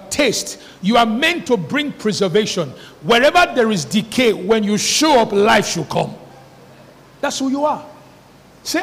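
A man preaching a sermon as pastor, leading the congregation in call-and-response and stretching out key words for emphasis. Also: high voice. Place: church hall. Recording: reverberant church hall.

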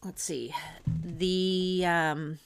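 A woman's voice: lowish voice, steady tone, extremely slow, creaky, clean tone, faint music behind. A woman in her thirties, a doula hosting a podcast, telling her own birth story in a candid, chatty and blunt way. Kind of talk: casual personal storytelling.

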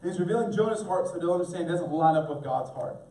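A man's voice: high voice, expressive, quick pace, mellow. A middle-aged male pastor preaching an earnest sermon, speaking directly to his congregation. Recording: echoey room, mic at a distance.

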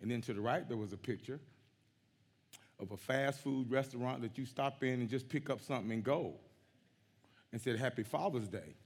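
Hoarse preacher in a reverberant hall. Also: male voice, mid-range voice. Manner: casual, joking, reads scripture slowly. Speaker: guest preacher. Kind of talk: sermon. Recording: long reverb in a church hall.

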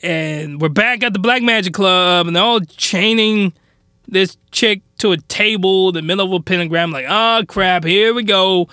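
Male anime recapper, very high and sharp-toned, exasperated ranting commentary. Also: normal speed, clear, resonant tone, no room sound, studio quality.

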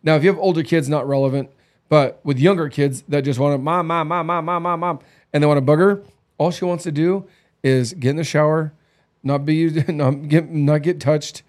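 A man in his thirties talks in an easy, candid podcast chat, on the higher side for a man. He rolls through stories with lively swings in his voice and acts out quoted lines along the way. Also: moderate pace. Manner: candid, animated storytelling with acted quotes. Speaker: podcast co-host. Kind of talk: casual chat.

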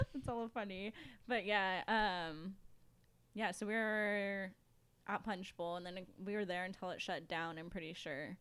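A woman's voice: medium pitch, measured pace, a bit bright, clean tone. Giggly young woman in casual chat. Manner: giggly, trails off and laughs often. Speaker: podcast guest.

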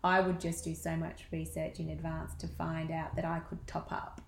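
Low, gravelly mother. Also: monotone, a little hiss or hum. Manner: chatty, practical, quick asides. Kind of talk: casual chat. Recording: echoey room.

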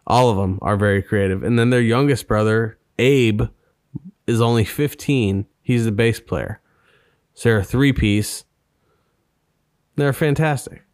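A man co-hosting a casual chat podcast, swearing freely and joking around. His voice sits at an ordinary pitch. It is recorded close and dry, with little room sound. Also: measured pace, pauses often, darkish tone, no room sound. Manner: profane, joking banter. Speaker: podcast co-host.

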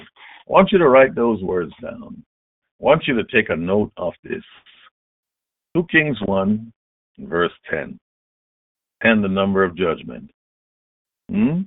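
A man preaching a sermon, retelling a scripture story with emphatic, dramatic delivery and loud exclamations. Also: lowish voice, expressive, slow, long pauses, no room sound. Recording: tinny phone-like dry sound.

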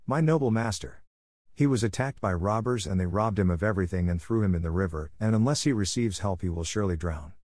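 A man's voice: on the low side, fast, darkish tone, dry recording, studio quality, natural voice. A man voicing a clever, bold little male cat in boots, eager and pleading in turn, in a storybook reading. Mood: urgent.

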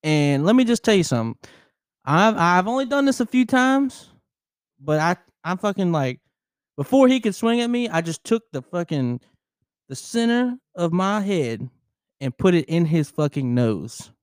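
A man's voice: high-pitched, sing-song, moderate pace, smooth, no echo. A man co-hosting a casual podcast, telling a story with laughs and lots of swearing, on a close microphone. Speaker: podcast co-host. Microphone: close studio microphone.

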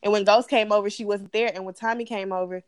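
A woman's voice: medium pitch, fast, smooth, no echo, studio quality. A woman co-hosting a casual TV recap chat, blunt and profane as she rants about the show. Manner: blunt, profane, animated ranting. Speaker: podcast co-host.

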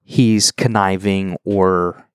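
Joking, low-voiced podcast co-host. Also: male voice, steady tone, very slow, clear, resonant tone, dry recording, clean studio sound. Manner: joking, rambling. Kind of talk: casual chat.

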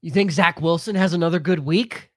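A man's voice: a little high, brisk, a bit bright, no room sound, clean studio sound. A man with a stuffy, congested voice co-hosting a sports podcast, blunt and profane as he reads out listener questions. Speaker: podcast co-host.

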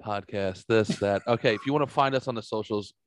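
A man's voice: lowish voice, fairly quick, a little hiss or hum. A man hosting a podcast, chatting casually and profanely, mocking himself and rambling through stories. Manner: self-mocking, rambling storyteller. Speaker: podcast host.

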